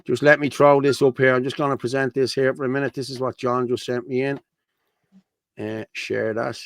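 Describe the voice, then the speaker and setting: A man's voice: mid-range voice, flat delivery, a little fast, dry recording. A man with a Dublin accent hosting a casual livestream, talking bluntly and reading out viewer comments. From Ireland. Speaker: host.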